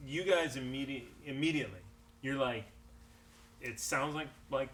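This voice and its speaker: A man narrating as game master of a tabletop game, halting and restarting often. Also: medium pitch, fairly bright tone, recorded from a distance. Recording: faint background noise.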